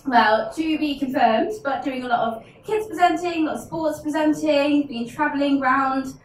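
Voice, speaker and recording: A woman's voice: high voice, normal speed, slight background noise. A woman in her twenties, upbeat and enthusiastic, chatting as a guest. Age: 20s. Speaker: guest, sports presenter. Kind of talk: group chat. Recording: echoey room, far from mic.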